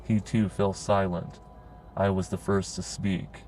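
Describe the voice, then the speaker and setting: A man narrating a horror story in a grim, steady storytelling manner. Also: low-pitched, measured pace, a little hiss or hum, poor audio.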